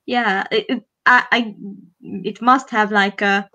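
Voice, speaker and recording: A woman's voice: mid-range voice, steady tone, slow, sharp tone, a little hiss or hum. A woman in a casual chat, talking with frequent restarts and laughter. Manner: hesitant, laughing, many restarts. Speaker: co-host.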